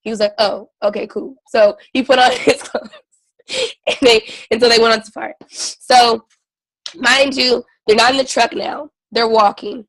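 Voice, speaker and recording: A woman retelling a story on a call in a loose, animated way, full of "like" and "right", acting out what others said. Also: on the high side, a little slow, no room sound, low-quality recording. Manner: animated retelling, acts out quotes, many fillers like "like" and "right". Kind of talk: casual storytelling on a team call.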